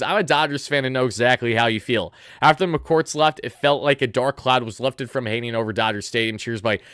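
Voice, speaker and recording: A man in his twenties talking earnestly on a casual sports livestream. His voice is smooth and clear at a middle pitch. The sound is dry and close, with no room around it. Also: a bit bright, dry recording. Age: 20s. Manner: earnest and emotional, reading out viewer donations. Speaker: livestream host.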